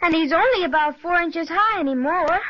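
A woman's voice: very high voice, brisk. A woman playing an earnest, sweet young girl with a pleading manner, in 1930s radio acting. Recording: muffled 1930s radio recording.

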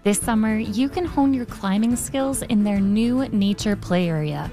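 A woman's voice: medium pitch, a little slow, mellow. Woman reading an ad over music. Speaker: ad announcer. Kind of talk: scripted radio ad read.

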